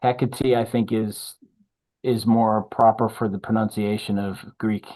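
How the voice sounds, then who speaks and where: A man's voice: lowish voice, flat delivery, unhurried, mellow, poor audio. A man in a casual tabletop gaming chat, explaining ideas in a thoughtful, searching way.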